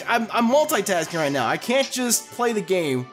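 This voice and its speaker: A young gaming commentator, loud and unruly, cursing freely as they play. The voice swings widely up and down in pitch. A faint bed of music sits under the desk-mic recording. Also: moderate pace, hardly any pauses. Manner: loud, profane, animated. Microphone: desk mic with facecam.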